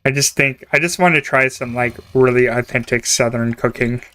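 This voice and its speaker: A man's voice: mid-range voice, fairly even intonation, moderate pace, fairly bright tone, faint music behind. A young man from Canada chatting casually and rambling while he streams a game, laughing often. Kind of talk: casual chat while gaming.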